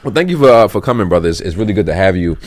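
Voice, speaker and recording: A deep-voiced man hosts a podcast in a loose, swearing, enthusiastic way. The room sounds dry and close. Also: animated, very fast, no room sound. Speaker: podcast host. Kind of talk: casual podcast conversation.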